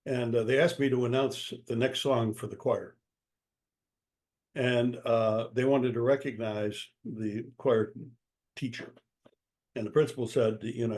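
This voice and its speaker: An older man, a guest author and speaker from the United States, giving advice in a lively interview, acting out quotes with sudden jumps in his voice. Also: moderate pace. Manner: animated, acts out quotes with sudden pitch jumps.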